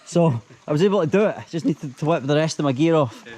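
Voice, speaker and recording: A man's voice: fairly high pitch, lively intonation, fast talker. A young man vlogging casually outdoors by a jungle river pool. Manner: exclaims loudly at the cold water. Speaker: travel vlogger. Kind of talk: casual outdoor vlog chat.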